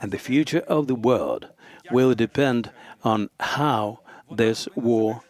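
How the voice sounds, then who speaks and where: A man giving simultaneous interpretation of a formal speech at a forum, in a halting, measured delivery with frequent pauses and fillers. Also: mid-range voice, darkish tone.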